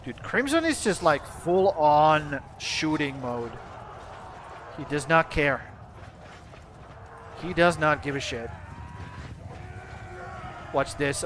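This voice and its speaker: A young man giving laid-back, casual commentary on his gameplay, cursing now and then and trailing off mid-sentence. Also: a little high. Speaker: gaming channel host. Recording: steady background noise.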